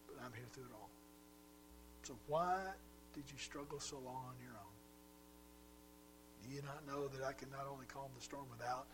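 A man voicing a gentle, reassuring Jesus in a soft, hushed, sometimes whispered way, with a faint mains hum behind. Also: medium pitch, close to an everyday voice, low-quality recording.

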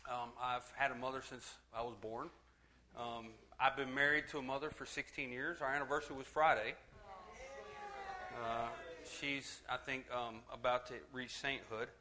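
A man in his thirties preaches to his church, chatty and quick to joke and laugh along with the congregation. His voice is bright and forward, and his pitch sits at an ordinary middle for a man. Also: little pitch movement, a little hiss or hum. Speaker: pastor. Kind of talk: sermon with humor.

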